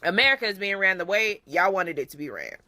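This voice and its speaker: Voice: mid-range voice, lively intonation, fast, sharp tone, dry recording. Blunt, profane reaction host, dry sound. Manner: blunt, profane, exasperated questioning. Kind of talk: casual reaction commentary.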